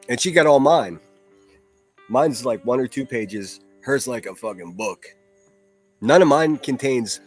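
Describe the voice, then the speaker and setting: A man hosting a solo livestream, ranting in a profane, mocking and combative way. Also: medium pitch. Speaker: livestream host.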